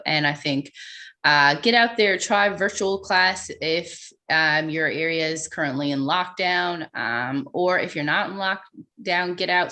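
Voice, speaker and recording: Young female host, low-pitched and upbeat, chatty interview tone. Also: fairly bright tone. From Newfoundland, Canada. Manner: upbeat, laughs often, says "like" a lot. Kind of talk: casual interview chat.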